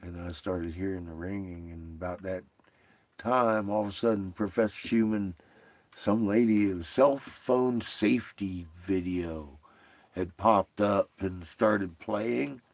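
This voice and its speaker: Gravelly rambling man streaming. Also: low voice, fairly even intonation, a little slow, dry recording. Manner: rambling, profane, laughs often. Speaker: livestream host. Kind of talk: casual livestream chat.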